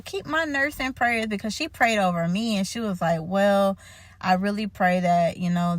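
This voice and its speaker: Animated young woman telling a story. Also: medium pitch, no echo. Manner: animated, laughing, emotional, chatty with frequent fillers. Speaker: faith vlogger. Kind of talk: casual storytelling vlog.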